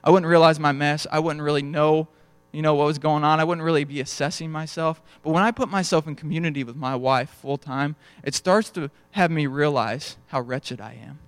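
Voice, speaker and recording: A young man preaches in a relaxed, storytelling way, slipping into little snippets of dialogue as he goes. His voice sits a bit higher than most men's, and the sound is dry and close, with no room echo. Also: a little fast, hardly any pauses, clear, resonant tone. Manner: conversational storytelling, acts out dialogue. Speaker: pastor. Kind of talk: sermon.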